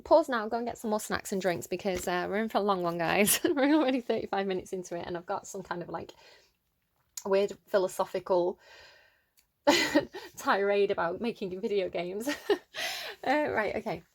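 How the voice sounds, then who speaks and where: A young English woman giving a casual tarot reading, rambling and giggly, excitable as she reads out the cards. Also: medium pitch, normal speed, no echo. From England. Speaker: tarot reader.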